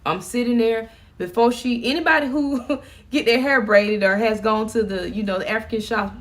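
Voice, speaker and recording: A woman's voice: on the high side, normal speed. A middle-aged woman vlogging from home, chatting casually and laughing as she talks to her viewers.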